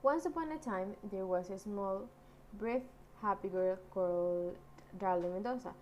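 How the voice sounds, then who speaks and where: A woman narrating a fairy tale aloud in an expressive, lilting way. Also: mid-range voice, measured pace, muffled recording, slight background noise. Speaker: storyteller.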